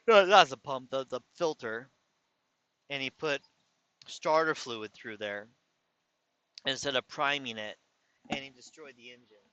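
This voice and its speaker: A man's voice: medium pitch, bright, forceful tone, no echo. A man telling a rambling story in a casual venting way, with a slight lisp and some slurred words, often correcting himself. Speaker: vlogger. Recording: dull lo-fi sound.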